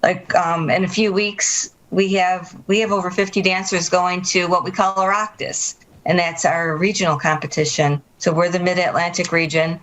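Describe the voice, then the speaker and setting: Woman guest on local tv, lowish voice, friendly, explaining stuff. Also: level tone, moderate pace, few pauses, a bit bright, rough recording. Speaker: guest, dance school representative. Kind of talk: casual interview talk.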